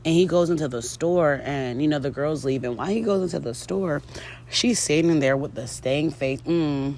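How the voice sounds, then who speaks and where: A woman's voice: sits low, normal speed, darkish tone, a little hiss or hum. A woman recapping a reality show in casual commentary, sassy and chatty with lots of fillers, talking to her viewers as girl and ladies.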